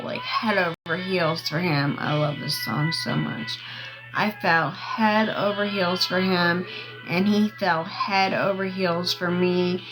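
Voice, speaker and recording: A woman's voice: on the low side, bright, forceful tone, poor audio. A woman chatting casually on a livestream, rambling through a personal story and asking viewers for gifts. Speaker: TikTok live streamer.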